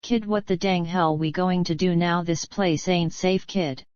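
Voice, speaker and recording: A woman voicing a gruff, grumpy old man survivor who talks bluntly and swears. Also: lowish voice, fairly even intonation, a little slow, a little mellow, dry recording, muffled recording, lightly acted. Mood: exasperated.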